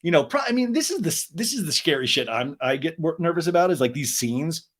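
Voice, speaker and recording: Brief: male podcast host, animated comedic recap, gossipy, slightly high voice. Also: brisk. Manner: animated, gossipy, swears and laughs often. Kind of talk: comedic reality-show recap.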